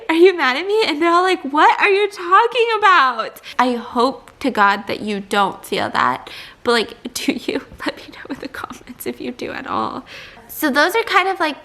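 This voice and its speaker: A woman's voice: on the high side, a bit bright. A young woman from the American South, a vlogger, talking candidly in a rambling, casual way with lots of "like"s. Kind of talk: confessional casual chat.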